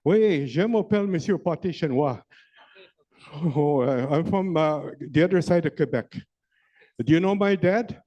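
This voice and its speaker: A man doing a chatty, flirty joker, rambling and teasing the crowd with a lot of "eh". His voice sits high yet sounds dark and mellow. It comes through a dull, muffled live-event recording in a big hall. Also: moderate pace, close to an everyday voice. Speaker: stand-up comedy character entertaining a crowd. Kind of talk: live crowd-work comedy. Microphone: handheld mic.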